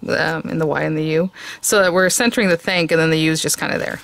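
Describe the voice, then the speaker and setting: A woman's voice: deep voice, fairly even intonation, quick pace, vocal fry, a bit bright, slight background noise. A middle-aged woman hosting a casual crafting tutorial, chatting, thinking aloud and laughing often as she works. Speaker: craft video host.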